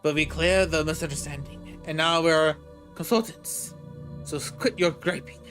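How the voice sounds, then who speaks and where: A man's voice: fairly high pitch, steady tone, moderate pace, fairly bright tone, faint music behind, natural voice. A man voicing an intense old man with a faint Russian accent, speaking in an insistent way.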